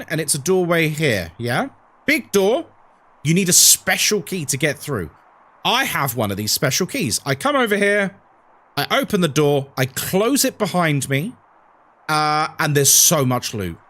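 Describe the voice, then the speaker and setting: A high-voiced man chatting on a game stream, his pitch swinging up and down as he tells a story. He rambles and repeats lines over and over, then cuts off mid-thought. The delivery is loose and animated. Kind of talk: casual chat on a horror game stream.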